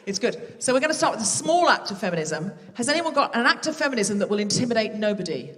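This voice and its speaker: A woman's voice: fairly high pitch, very animated, quick pace, fairly bright tone, in a large hall, far from the mic. A woman hosting a live comedy podcast on a theatre stage, chatty and self-mocking as she banters with the audience. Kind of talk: live stand-up hosting with crowd work. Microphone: stage microphone.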